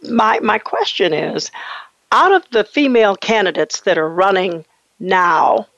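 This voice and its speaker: Hesitant, gravelly woman host. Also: mid-range voice, lively intonation, unhurried, fairly bright tone, dry recording, muffled recording. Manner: hesitant, repeats words while framing questions. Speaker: radio show host. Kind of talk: interview conversation. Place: standing at home studio with headphones.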